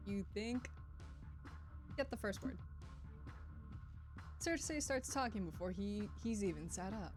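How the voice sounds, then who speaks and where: A woman's voice: medium pitch, lively intonation, slow pace, long pauses. A woman playing through a visual novel, reading the story aloud with casual joking asides. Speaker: let's player. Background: game music.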